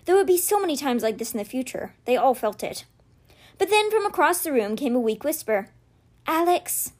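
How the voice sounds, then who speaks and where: Woman reading a novel aloud, fairly high voice. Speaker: read-aloud podcast host.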